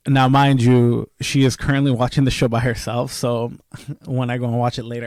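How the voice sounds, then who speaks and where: A man's voice: mid-range voice, fairly quick, dry recording. Young guy rambling on a podcast, gets worked up ranting, dry close sound. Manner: rambling, animated, rants with quoted asides. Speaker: podcast co-host. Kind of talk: casual chat.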